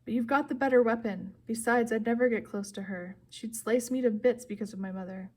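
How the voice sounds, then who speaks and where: A woman voicing a clever teenage girl who talks in a brisk, urgent, matter-of-fact way, pitched a bit higher than her narration. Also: steady tone, darkish tone, lightly acted.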